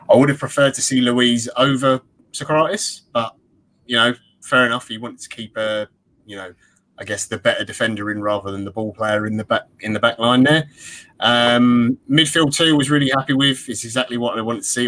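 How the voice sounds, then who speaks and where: A man joins a football podcast as a guest and talks through the team in an upbeat, detailed way. His voice has a bright, forceful edge to it. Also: mid-range voice, poor audio. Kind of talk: casual football analysis chat.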